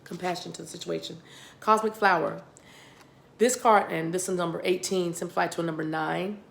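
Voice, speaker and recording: A woman's voice: lowish voice, steady tone, a little fast, vocal fry, fairly bright tone, slight background noise. An American woman giving a spiritual card reading, talking directly to viewers, repeating and restarting her words. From United States. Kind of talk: tarot-style card reading.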